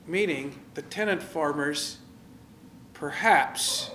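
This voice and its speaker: A man preaching a sermon in a lively, conversational way, asking his listeners questions and directing slides. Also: a little high, takes it slowly, echoey room, slight background noise. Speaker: pastor.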